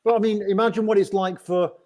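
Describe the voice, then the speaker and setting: Chatty Nottingham man, slightly high voice. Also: fairly even intonation, fast talker, a little mellow. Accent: Nottingham English. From England. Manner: chatty, rambling with frequent "right?". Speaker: host. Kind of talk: casual livestream chat.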